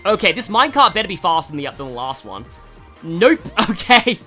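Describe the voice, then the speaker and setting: An Australian streamer rambles through casual gaming commentary, quick to poke fun at themself. The voice is bright and moves lively up and down, over faint game music. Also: mid-range voice. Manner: rambling, self-deprecating, many fillers.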